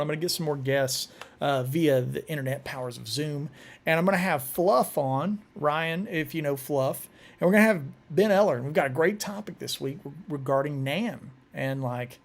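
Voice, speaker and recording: Chatty guitarist with a gravelly voice. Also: male voice, on the high side. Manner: chatty, loose, restarts words often. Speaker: guitarist hosting a live stream. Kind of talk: casual live-stream chat with guitar demos. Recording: guitar playing in the background.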